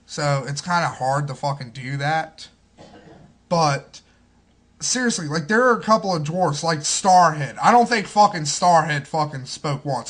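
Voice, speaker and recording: Casual male reviewer, slightly high voice, rambling and profane. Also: fairly bright tone. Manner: rambling, profane, many fillers and restarts. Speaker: movie reviewer.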